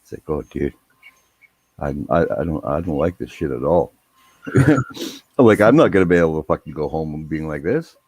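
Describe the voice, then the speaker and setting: A man's voice: rumbling low, sing-song, moderate pace, pauses often, a little mellow, husky, no room sound. A man telling a rambling, profane story in a laid-back casual chat.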